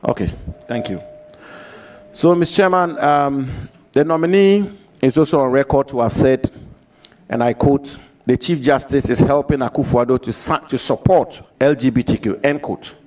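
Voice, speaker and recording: A man questioning a nominee at a formal parliamentary hearing, measured and repeating key points for emphasis. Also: medium pitch, darkish tone, low-quality recording. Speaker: committee member asking questions. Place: parliamentary committee hearing room.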